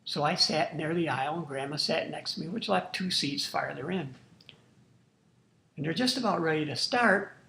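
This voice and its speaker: A man's voice: fairly high pitch, normal speed, vocal fry, sharp tone, a little hiss or hum. An older man, a grandfather, telling a true family story to his grandchildren in a folksy, earnest, marveling way. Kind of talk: casual spoken storytelling. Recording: roomy echo.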